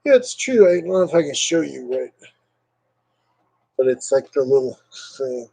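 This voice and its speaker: A man's voice: medium pitch, moderate pace, vocal fry, husky. A man hosting a casual livestream, rambling and reading viewer comments aloud, with lots of hesitant fillers. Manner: relaxed, hesitant with many fillers. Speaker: livestream host.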